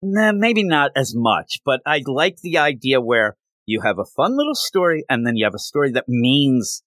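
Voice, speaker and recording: A man hosting a podcast, chatting casually about comic books and retelling scenes with quick voiced quotes. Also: medium pitch, big pitch swings, a bit bright, dry recording. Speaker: podcast host. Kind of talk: casual comic book review chat.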